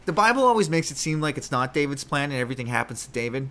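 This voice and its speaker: Rapid-fire and very animated, a man with a medium-pitched, bright, forceful voice hosts a comedy podcast. Hailing from Canada, he rambles through casual Bible commentary, swearing constantly and interrupting himself to start over.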